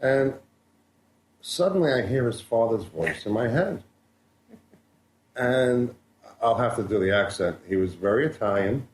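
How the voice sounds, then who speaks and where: A man co-hosting a radio talk show, telling a story with animated delivery and chuckles. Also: medium pitch, unhurried, pauses often. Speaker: radio co-host. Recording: echoey studio with faint hiss.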